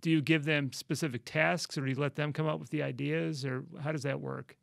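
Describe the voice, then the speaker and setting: Gravelly man hosting an interview. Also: a little high, steady tone, no room sound, studio quality. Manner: halting questions with fillers and restarts. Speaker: interview host. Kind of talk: interview questions.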